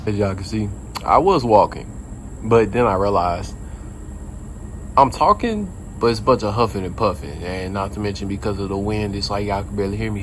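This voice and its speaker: Breathless young man vlogging by a road. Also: fairly low pitch. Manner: loose slangy banter, drawn-out greetings. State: out of breath from walking. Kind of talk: casual vlog talk to camera. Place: outdoors walking beside a busy road, windy. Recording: wind and traffic noise outdoors.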